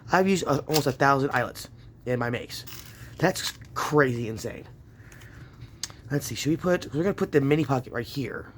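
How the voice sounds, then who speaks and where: A man's voice: mid-range voice, lively intonation, moderate pace, long pauses, a little hiss or hum. Chatty man crafting at home. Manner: chatty, laughs often, talks to himself while working. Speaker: craft channel host. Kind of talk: casual crafting tutorial chat.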